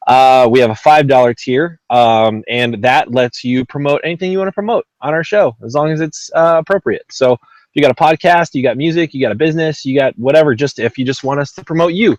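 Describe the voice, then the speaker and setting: A man's voice: medium pitch, fairly quick, no echo, low-quality recording. A man hosting a casual gaming podcast, rambling with lots of ums and uhs and poking fun at himself. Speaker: podcast host.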